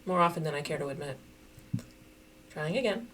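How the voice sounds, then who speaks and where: A woman giving casual, chatty commentary while playing a geography guessing game, thinking out loud and laughing often. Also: low voice, a little fast, slight background noise. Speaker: game streamer.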